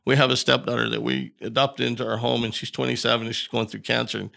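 A man's voice: medium pitch, level tone, fast talker, vocal fry, bright, forceful tone. A man who is a podcast guest, telling a story in a casual way and acting out the dialogue he quotes.

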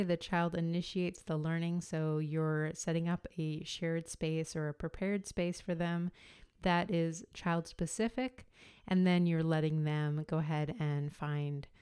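A woman in her thirties hosting a solo podcast, explaining and comparing ideas in an unhurried way with frequent fillers. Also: sits low, flat delivery, darkish tone, smooth. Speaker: podcast host.

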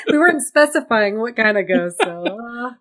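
A woman's voice: a little high, lively intonation, measured pace, fairly bright tone. A woman co-hosting a podcast in casual chat, giving brief, giggly replies. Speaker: podcast co-host.

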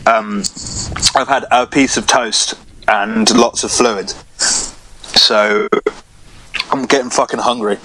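A man's voice: fairly low pitch, fairly even intonation, slow, long pauses, bright, forceful tone, rough recording. A young man co-hosting a podcast, chatting casually with lots of restarts and swearing. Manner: rambling, swears often, frequent restarts. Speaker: podcast co-host. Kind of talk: casual chat.

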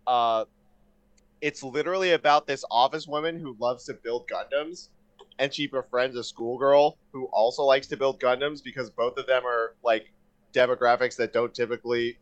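A man in casual podcast chat, excitable and rambling, swearing often with lots of fillers. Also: mid-range voice, highs cut off.

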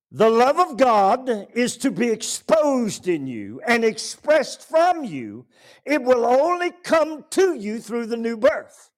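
A male pastor preaching a sermon in a church, swinging between loud bursts and quiet asides. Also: very high-pitched.

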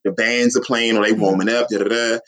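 A man telling a long, excited story in casual chat, acting out quotes and laughing often. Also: fairly quick. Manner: excitable, acts out quotes with big pitch jumps. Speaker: guest, superfan.

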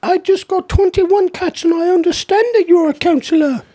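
A woman doing a shrill cat lady. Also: moderate pace, warm tone, no room sound, clean studio sound. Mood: defensive. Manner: pleading, defensive, swears back when pushed. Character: whiny self-styled cat-loving woman, defensive. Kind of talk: improvised comedy sketch.

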